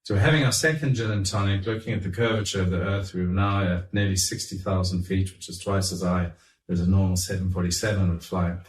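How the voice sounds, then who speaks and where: A middle-aged man telling anecdotes in an animated, chuckling way, acting out what others said. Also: sits low, quick pace, a little hiss or hum. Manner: animated, chuckling raconteur who acts out quotes. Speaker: guest telling stories. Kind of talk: anecdotal storytelling. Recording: roomy, distant mic.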